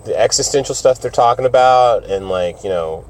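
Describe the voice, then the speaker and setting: A man's voice: mid-range voice, normal speed, darkish tone. A man hosting a podcast in a casual, rambling way, swearing often and poking fun at himself. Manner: rambling, swears a lot, self-mocking. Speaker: podcast host. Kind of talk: casual solo podcast chat.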